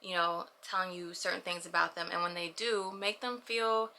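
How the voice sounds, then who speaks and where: Bright, chatty young woman vlogger. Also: on the low side, moderate pace, gravelly. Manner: animated, chatty, lots of "you know what I mean". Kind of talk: casual personal vlog.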